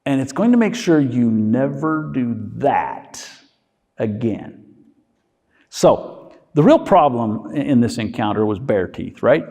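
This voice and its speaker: Lively male doctor lecturing in a hall. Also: medium pitch. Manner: checks in with listeners with frequent "okay?"; acts out inner voices in quick asides. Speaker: physician lecturer. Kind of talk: conversational lecture.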